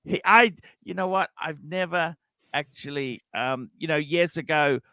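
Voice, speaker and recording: A man's voice: fairly high pitch, measured pace, fairly bright tone, clear, resonant tone, no room sound. A man hosting a casual livestream, reading out donations and rambling with many restarts. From Australia. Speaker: livestream host.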